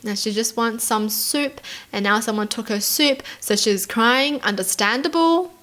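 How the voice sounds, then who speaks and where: Chatty young-sounding woman with a high voice. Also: unhurried, fairly bright tone. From Australia. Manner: chatty, lots of "like" and "dude", giggly asides. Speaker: YouTuber reading and reacting to stories. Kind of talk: casual reaction commentary.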